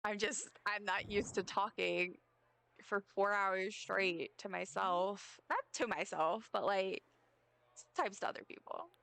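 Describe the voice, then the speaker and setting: Her mid-range voice is gravelly yet smooth and a bit bright, moving at a measured pace. She's a young woman streaming a game, making rambling, chatty conversation full of self-mocking remarks.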